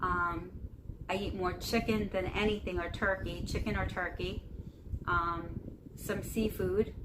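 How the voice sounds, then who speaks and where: A woman's voice: mid-range voice, fairly even intonation, measured pace. A woman vlogging casual spiritual advice to camera, rambling with many fillers and checking in with "okay?". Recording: noticeable background noise.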